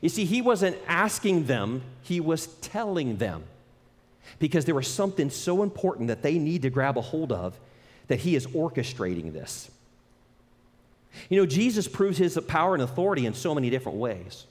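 A man preaching a sermon as pastor, animated and conversational, acting out quoted voices and laughing often. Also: a little high, normal speed. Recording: long reverb of a hall.

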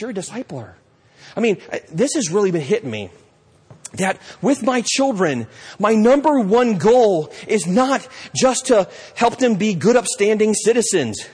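A man's voice: high voice, breathy edge, long reverb tail. A middle-aged man preaching a sermon as pastor, impassioned and pleading, often acting out little scenes.

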